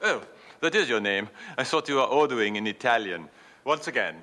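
An actor playing a bumbling, self-important French police inspector in a comedy film, with a put-on French accent and mangled R's. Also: male voice, mid-range voice, animated, brisk, pushed and bright. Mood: pompous.

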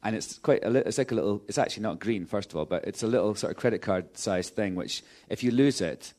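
A man with a slightly low voice chats playfully with the hosts, giggling and circling back on his own sentences. He sounds like an actor guest enjoying a loose conversation, speaking from a cinema screening room. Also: fast talker, a little mellow. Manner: giggly, playful, rambling with restarts. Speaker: actor guest, festival jury member. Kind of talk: casual chat.

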